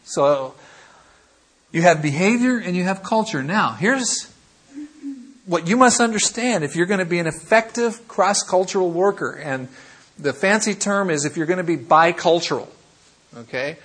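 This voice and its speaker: A husky-voiced American man teaches a class, his voice sitting slightly high for a man. He talks in a playful, animated way, acting out little scenes to make his points. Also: moderate pace. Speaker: missions lecturer. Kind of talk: classroom lecture.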